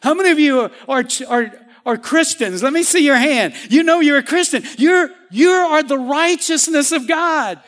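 A man's voice: very high voice, lively intonation, normal speed, fairly bright tone. A man preaching a sermon as pastor, calling out "amen" and "come on" and building to fervent appeals. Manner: emphatic, rising to fervent calls. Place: church sanctuary. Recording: reverberant church hall.

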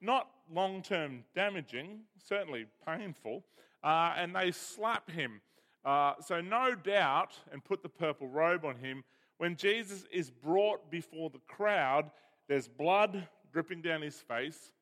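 Man, sermon, emphatic explaining, fairly high voice, long hall reverb. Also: animated, slow pace, fairly bright tone. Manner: explanatory, emphatic, reads scripture aloud. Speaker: preacher.

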